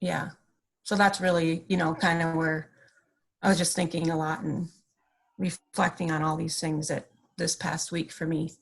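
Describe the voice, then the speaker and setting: Gravelly, husky woman opening up. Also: deep voice, flat delivery, normal speed, low-quality recording. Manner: candid, searching, many fillers. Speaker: guest. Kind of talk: candid personal chat.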